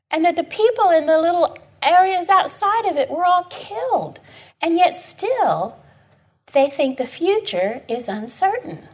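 High, lively, breathy woman teaching. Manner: chatty, emphatic, checks in with listeners. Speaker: Bible study teacher. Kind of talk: informal Bible class teaching.

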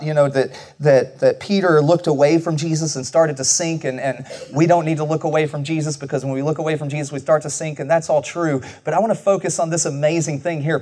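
A man's voice: a little high, steady tone, brisk, hardly any pauses, darkish tone. A man preaching a conversational sermon, casual and self-deprecating, with frequent restarts and asides.

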